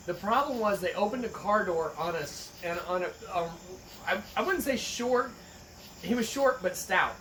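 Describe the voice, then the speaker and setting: A man co-hosting a podcast, telling a story in a profane, jokey, casual way. His pitch swings widely as he acts out the quotes. The mic is a little distant, with faint noise behind. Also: expressive, normal speed, fairly bright tone. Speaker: podcast co-host. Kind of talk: casual chat.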